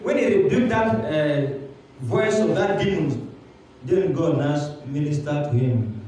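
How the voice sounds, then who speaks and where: High-voiced preacher in a very echoey room. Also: male voice, lively intonation, a little slow, warm tone, far from the mic. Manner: storytelling sermon, voicing characters in quotes, repetitive emphatic phrasing. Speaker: pastor. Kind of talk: sermon.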